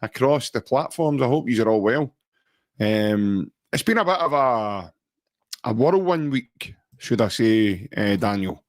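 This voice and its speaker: A man's voice: medium pitch, dry recording, clean studio sound. A man with a Scottish accent hosting a casual podcast chat, chatty, laughing often and restarting his sentences. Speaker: podcast host.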